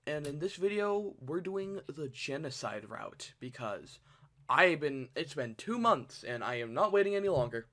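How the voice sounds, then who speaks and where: A man giving casual let's-play commentary, excitable and rambling, breaking into restarts and shouts. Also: a little high, normal speed. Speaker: gameplay channel host.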